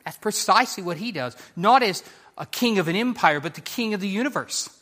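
A man's voice: high voice, animated, brisk, sharp tone. A man preaching a sermon as pastor, earnest and emphatic, repeating key phrases and speaking straight to the congregation.

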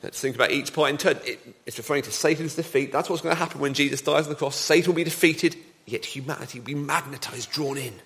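A man's voice: fairly high pitch, fast talker, hardly any pauses, a bit bright. A man preaching a sermon with dramatic emphasis and rhetorical questions.

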